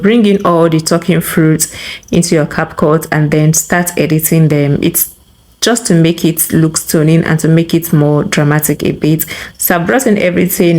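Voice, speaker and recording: A woman hosting a software tutorial, walking through steps and often checking in with a quick "okay?". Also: on the low side. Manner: instructive, tags remarks with "okay?". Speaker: tutorial host. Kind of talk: screen-recorded software tutorial.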